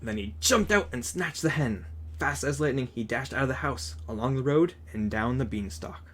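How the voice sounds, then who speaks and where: Husky-voiced man reading a picture book. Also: medium pitch, lively intonation, normal speed. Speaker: storyteller.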